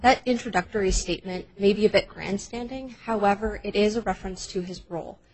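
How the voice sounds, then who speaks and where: A woman lays out a structured legal argument before judges, in a husky, slightly breathy voice at a middle pitch. Her delivery is formal and measured, point by point. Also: rough recording. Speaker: appellate government counsel. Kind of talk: formal courtroom oral argument. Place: courtroom.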